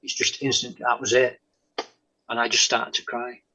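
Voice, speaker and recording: A man, a guest telling his faith testimony in an interview, halting with many pauses and "um"s and often dropping to a soft tone. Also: mid-range voice, monotone. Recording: dull lo-fi sound.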